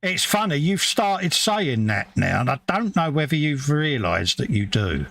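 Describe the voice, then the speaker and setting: A man's voice: a little high, sing-song, creaky, a bit bright. A man with a British regional accent co-hosting a live hobby stream, teasing his friend in a matey way. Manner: teasing, matey, drawn-out phrasing. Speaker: co-host of a live model-making stream. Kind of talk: casual live-stream banter.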